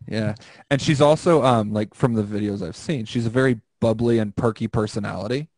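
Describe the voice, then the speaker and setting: A man's voice: fairly low pitch, a little fast, darkish tone, dry recording. A young man hosting a casual podcast over an online call, rambling and joking crudely. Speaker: podcast host.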